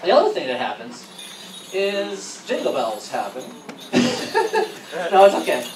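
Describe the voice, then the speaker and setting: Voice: medium pitch, huge pitch swings, unhurried. A stand-up comedian doing a set, rambling and profane, often breaking into laughter. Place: event hall at a convention. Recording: roomy, distant, with noisy ambience.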